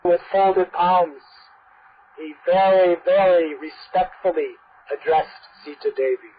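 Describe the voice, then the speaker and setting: A woman's voice: on the low side, fairly even intonation, takes it slowly. A woman telling a devotional story in a vivid, emphatic way. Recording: dull lo-fi recording.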